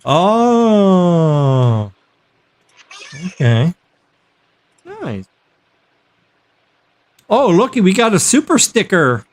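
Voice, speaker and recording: A man's voice: high-pitched, huge pitch swings, very slow, long pauses. A man hosting a tech livestream in casual chat, joking and reading out viewer messages.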